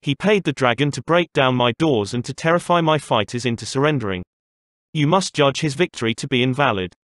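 A man voicing an angry, defeated male chieftain who shouts and protests bitterly. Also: medium pitch, lively intonation, fairly quick, no room sound, clean studio sound, close to an everyday voice. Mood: indignant. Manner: shouting, indignant.

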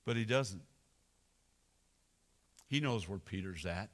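A male pastor preaching a sermon, slow and dramatic, swelling loud then dropping almost to a whisper. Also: on the low side, lively intonation. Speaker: senior pastor.

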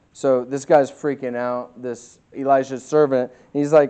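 A man pastor teaching a Bible study in a casual, conversational way, with many fillers and lively bursts of emphasis. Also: on the high side, measured pace, smooth. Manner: conversational, many fillers, reads scripture aloud; animated, acts out voices with bursts of emphasis.

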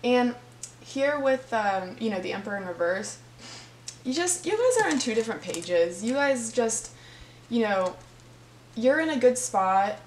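A tarot reader addresses her viewers directly in a heartfelt, earnest way as she reads the cards. Her voice is a little high with big pitch swings and a slightly slow pace, recorded in an echoey room with a faint hum.

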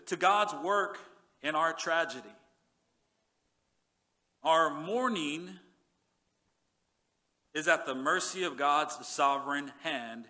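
Man preaching, high voice, bright tone, earnest, repeats words, drops soft on scripture. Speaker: pastor. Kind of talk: sermon. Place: church sanctuary.

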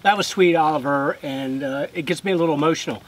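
A middle-aged man with a rather high voice talks casually at home, rambling and cracking jokes as he opens fan mail. His speech is full of fillers and restarts. A faint hiss sits under the recording. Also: quick pace. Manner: chatty, joking, rambling with fillers. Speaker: host reading fan mail. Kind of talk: casual chat.

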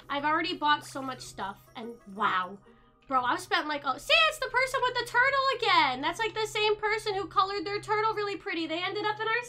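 Bright, high-voiced woman streamer, excitable. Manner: excitable, gasps and chatters to viewers. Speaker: game streamer. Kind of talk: casual gameplay commentary.

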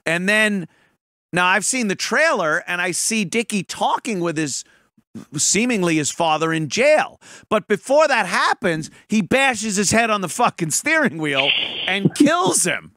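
High, bright-voiced profane radio host. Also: male voice, a little slow, no echo, studio quality. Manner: profane, animated, mocking. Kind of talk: casual call-in talk.

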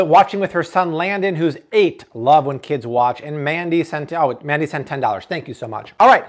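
A man hosting a casual cooking livestream from a home kitchen, upbeat and quick to laugh, reading out donations. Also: on the high side, a bit bright. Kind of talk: casual live cooking chat.

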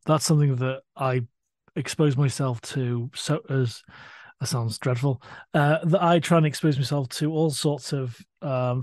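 A middle-aged man co-hosting a podcast, chatting enthusiastically with many halting restarts. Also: mid-range voice, a little mellow, no echo. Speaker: podcast co-host. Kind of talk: casual chat.

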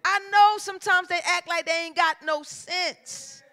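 A woman pastor preaching a sermon in a church, emphatic and colloquial, dropping to a hush and then rising to shouts. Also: extremely high pitch, fairly even intonation, unhurried. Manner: emphatic preaching with call-and-response cadence, swinging from hushed to shouted; colloquial, folksy storytelling. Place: church sanctuary.

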